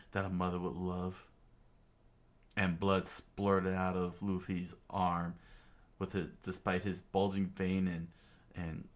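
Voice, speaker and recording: A man reading a comic aloud in a casual way, halting with restarts and fillers. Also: sits low. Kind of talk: casual comic read-along.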